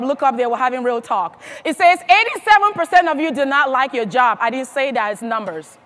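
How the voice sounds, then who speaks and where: A woman's voice: high voice, lively intonation, fairly quick, hardly any pauses, a bit bright. A woman giving a motivational speech to a live audience, emphatic and firing questions at the crowd. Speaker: motivational speaker at a sales event.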